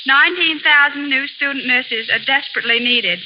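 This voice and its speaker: A woman's voice: high voice, a little fast, slight background noise. Earnest woman reading an appeal. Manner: earnest, formal. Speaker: guest with a public appeal. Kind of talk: read wartime appeal. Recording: dull old radio broadcast.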